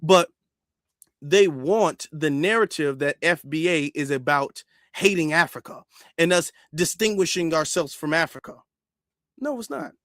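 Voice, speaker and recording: Exasperated male vlogger, high voice, dry close sound, keeps checking "okay?". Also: expressive, unhurried, fairly bright tone, no echo. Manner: exasperated, repeats "okay?" to drive points home. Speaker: commentary vlogger. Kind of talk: opinion rant.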